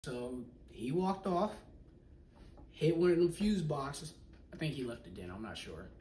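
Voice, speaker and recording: A young man casually telling a personal story in slangy talk, acting out what people said and often dropping to a hush. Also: fairly high pitch, measured pace. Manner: animated, slangy, acts out quoted people, often drops to a hush. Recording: echoey room, mic at a distance, faint noise.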